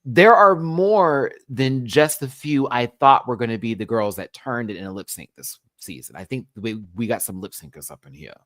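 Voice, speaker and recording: A man hosting a casual live review of a drag show, animated and sassy, jumping between loud outbursts and low mutters, with some swearing. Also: moderate pace, hardly any pauses, no echo.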